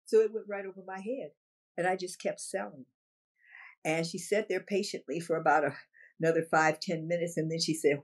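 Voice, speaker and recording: Older woman, interviewee, animated storyteller who repeats her key points and laughs often; voice a bit low. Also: fairly quick. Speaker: interviewee, businesswoman.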